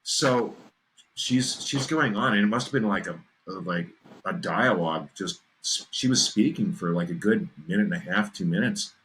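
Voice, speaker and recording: A man's voice: lowish voice, moderate pace, fairly bright tone, slight background noise, low-quality recording. A man hosting a podcast, telling a spooky personal story in casual chat, building suspense and checking in with his listener. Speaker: podcast host.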